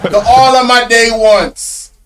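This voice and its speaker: A man's voice: extremely high pitch, steady tone, takes it slowly, a bit bright, slight background noise. A man hosting a reaction video, exclaiming in disbelief, laughing often and talking to his viewers in casual slang. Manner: slang-heavy, addresses viewers directly.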